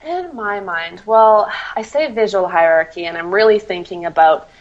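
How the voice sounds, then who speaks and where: A woman's voice: mid-range voice, expressive, moderate pace, highs cut off. A woman copywriter answering interview questions, laughing often and apologizing for herself, with many ums. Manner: self-deprecating, laughs often, many fillers.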